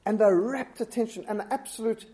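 A man who preaches, teaching public speaking in an animated, emphatic way. He often jumps up in pitch and loudness to drive his points home. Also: a little fast. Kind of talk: instructional talk.

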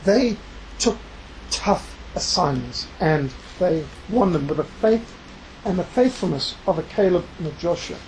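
An emphatic preacher delivers a sermon in a mid-range voice, weaving scripture readings into the message. Key phrases are drawn out slowly for weight. Faint background noise sits under the voice. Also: medium pitch, animated, a little mellow, poor audio. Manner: emphatic, slows down to stress key words; reads scripture aloud within the talk. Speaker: preacher and missionary.

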